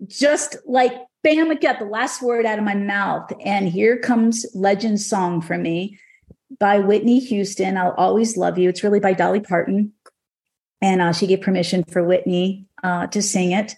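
A middle-aged woman, a horse trainer, telling a personal story on a podcast in an emotional, animated way. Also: mid-range voice, moderate pace.

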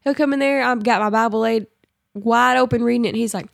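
A woman co-hosts a home devotional podcast, bantering playfully in a gravelly, somewhat high voice. Allergies leave her sounding congested. The close recording is dry. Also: steady tone, fast, dry recording. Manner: playful, chatty, Southern-tinged banter. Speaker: podcast co-host. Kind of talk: casual devotional podcast chat.

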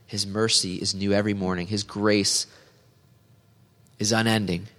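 A man preaching an earnest, measured sermon as a pastor, reading scripture aloud. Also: lowish voice, little pitch movement, a bit bright, long reverb tail.

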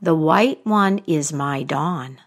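A woman's voice: low voice, takes it slowly, heavily acted. A woman storyteller voicing a fearsome old witch who speaks sharply and bluntly. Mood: stern. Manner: sharp and commanding.

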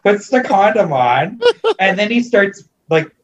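A man's voice: high-pitched, lively intonation, unhurried, muffled recording, over a noisy crowd. A man recapping a movie in casual chat, rambling with lots of fillers and restarts, amused and disbelieving. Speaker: podcast co-host recapping a movie.

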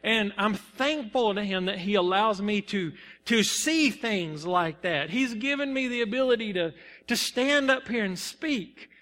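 A man's voice: sits high, lively intonation, measured pace, pushed and bright. A young man preaching a sermon in a church, telling personal stories earnestly with bursts of emphasis. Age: young adult. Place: church sanctuary. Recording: long hall reverb.

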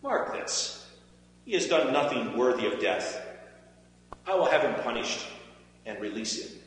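A man's voice: mid-range voice, very animated, unhurried. A man voicing a wavering Roman governor in a raised, pleading reading voice, in a church. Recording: echoey hall with faint hum.

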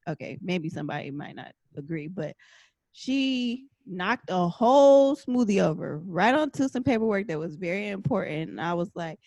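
A woman's voice: fairly low pitch, expressive, moderate pace, darkish tone, no room sound. A young pregnant woman co-hosting a casual chat show, telling frank self-deprecating stories about motherhood. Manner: candid, self-deprecating storyteller. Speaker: podcast co-host.

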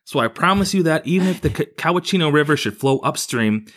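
A man's voice: a little high, lively intonation, fast talker, fairly bright tone, pitched above the performer's own voice. A man voicing a small male water imp that begs for mercy in a strained, harsh voice. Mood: pleading.

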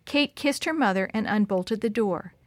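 A woman's voice: mid-range voice, moderate pace, no room sound, clean studio sound. Woman reading a dramatic story. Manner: expressive, dramatic. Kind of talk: scripted story narration.

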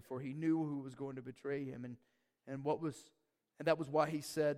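Speaking at normal speed in a mid-range, dark-toned voice with fairly even intonation, a male pastor presses his sermon points with emphasis. He calls out to the congregation for responses, and the church hall is reverberant.

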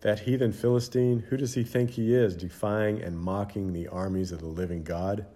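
A man's voice: fairly low pitch, fairly even intonation, normal speed, warm tone, lightly acted. A man voicing a brave young shepherd boy who speaks with earnest, defiant confidence in a children's Bible storybook. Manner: earnest, bold, indignant. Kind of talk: storybook character voice.

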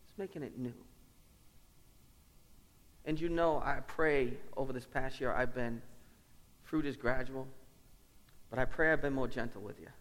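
A man preaching a sermon in a church, earnest and personal, often repeating his key lines for weight. His voice sits at an ordinary middle pitch and carries a long reverb from the sanctuary. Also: normal speed, fairly bright tone. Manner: earnest, storytelling with repeated phrases. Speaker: lead pastor.

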